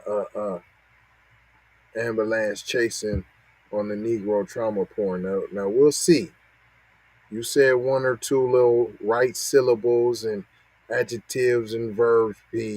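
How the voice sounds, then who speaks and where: Slow, sardonic man. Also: fairly low pitch, fairly even intonation, darkish tone, dry recording, rough recording. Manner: sardonic, mocking, repetitive. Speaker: podcast host. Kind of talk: reaction commentary on news clips.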